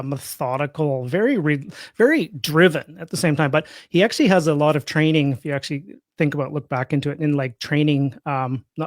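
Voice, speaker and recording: Canadian man, fifties, raised on the prairies, slightly high voice, jokey and chatty, dry close sound. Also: dry recording. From Saskatchewan, Canada. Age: 50s. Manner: chatty, jokey, self-deprecating. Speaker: guest, real estate investor. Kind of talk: casual interview talk.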